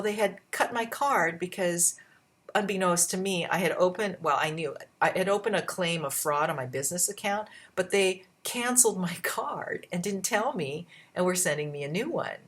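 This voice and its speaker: A woman vlogger telling a personal story in a casual, animated way, her voice jumping up when she acts out what people said. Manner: animated retelling with shifting pitch and pace.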